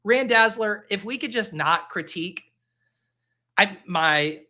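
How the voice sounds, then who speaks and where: A man's voice: high voice, lively intonation, slow pace, pushed and bright. A young man hosting a live stream, chatting casually in a jokey, rambling, caffeinated way. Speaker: livestream host. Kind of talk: casual livestream chat.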